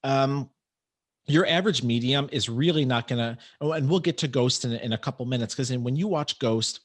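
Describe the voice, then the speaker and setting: A man with a medium-pitched voice speaks briskly while hosting an interview podcast. Chatty and rambling, he restarts often as he explains his work as a medium.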